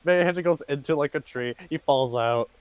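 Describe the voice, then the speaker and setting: A man playing a tabletop game, joking around in quick, giggly banter. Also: fairly high pitch, clear, resonant tone, no room sound. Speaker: player. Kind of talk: casual tabletop game chat.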